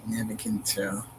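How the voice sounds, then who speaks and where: A man's voice: fairly low pitch, very noisy. A man vlogging outdoors in an earnest, repetitive, musing monologue about love. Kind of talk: unscripted heartfelt monologue.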